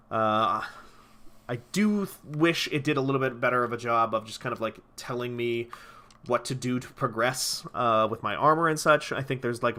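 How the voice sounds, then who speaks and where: A male streamer talking over his gameplay in loose, rambling commentary. His tone is bright and forward, and he swears freely while he enthuses about the game. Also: mid-range voice.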